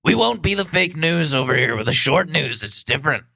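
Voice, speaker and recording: A man's voice: fairly high pitch, expressive, brisk, vocal fry, pushed and bright, no echo. A man hosting a podcast, ranting sarcastically with lots of swearing in a comedic political monologue. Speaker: podcast host.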